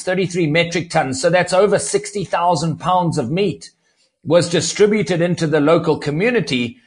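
Male guest, slightly raised pitch, measured explainer who restarts phrases. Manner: explanatory, repeats words when starting sentences. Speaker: conservationist guest. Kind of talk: podcast interview.

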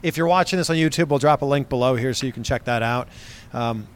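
A man's voice: medium pitch, quick pace. A man hosting a podcast, chatting casually with a guest and then signing off with thanks and plugs in an upbeat way. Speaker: podcast host. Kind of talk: casual interview and sign-off.

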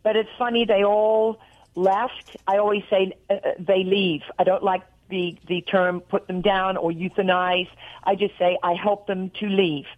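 An excitable, chatty woman with an Australian accent, talking as a guest caller on a radio show. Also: mid-range voice, a little slow, phone-quality sound. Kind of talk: casual phone chat.

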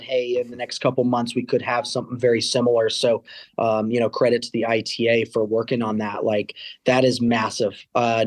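A man speaking as a college tennis coach in a casual interview. His pitch stays level and even, with little rise or fall, and he rambles through fillers and false starts. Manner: rambling, many fillers and restarts.

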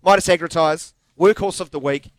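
A man's voice: on the high side, a little fast, no room sound. A man with a New Zealand accent hosting a sports radio show, chatty and upbeat, reading sponsor lines. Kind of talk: casual radio chat.

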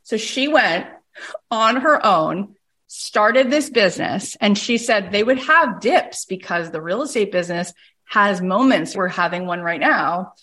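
A middle-aged woman coaching a caller, telling a story with emphatic, lively delivery and frequent "like". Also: mid-range voice, unhurried. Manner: animated storyteller, emphatic, uses "like" often. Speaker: host, coach.

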